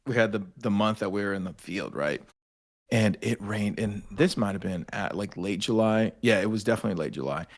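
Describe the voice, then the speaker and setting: A young man telling army stories in a casual podcast chat, swearing freely and acting out the people he quotes. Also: on the low side. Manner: profane, animated storyteller acting out quotes. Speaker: podcast guest, army veteran.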